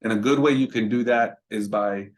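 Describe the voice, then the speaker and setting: A man's voice: fairly low pitch, moderate pace. A man giving casual instructional talk on answering business calls, conversational and full of repeated "right?" checks. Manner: conversational, repeats words, asks "right?" often. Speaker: roadside business trainer.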